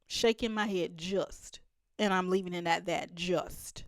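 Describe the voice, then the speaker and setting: A woman's voice: fairly low pitch, unhurried, no echo, studio quality. A woman hosting a reaction video, talking emphatically to her viewers and laughing often. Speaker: reaction channel host. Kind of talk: reaction commentary.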